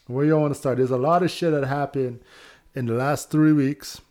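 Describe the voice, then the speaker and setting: A man's voice: medium pitch, steady tone, moderate pace, darkish tone. A young man from Toronto hosting a casual podcast, loose and slangy, laughing as he talks. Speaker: podcast host.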